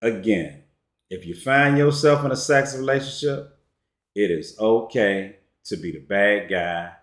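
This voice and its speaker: A man's voice: fairly low pitch, unhurried. A man giving a casual storytelling monologue as a relationship commentator, slangy and emphatic. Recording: echoey room.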